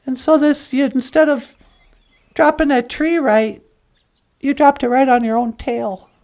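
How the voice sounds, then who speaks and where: A woman's voice: high voice, fairly even intonation, unhurried, a little mellow. A woman voicing a wise creator spirit in a told folk tale, firm and instructive. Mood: stern.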